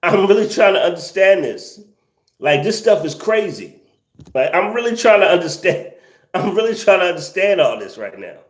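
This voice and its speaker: A man's voice: high-pitched, big pitch swings, moderate pace, echoey room. A man hosting a casual livestream, reading viewer comments and ranting with incredulous laughter and slang.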